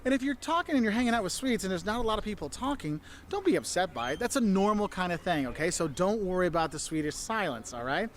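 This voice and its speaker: A man presenting travel advice in a lively, chummy way, often acting out little voices. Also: high voice, fast talker, hardly any pauses, a little hiss or hum.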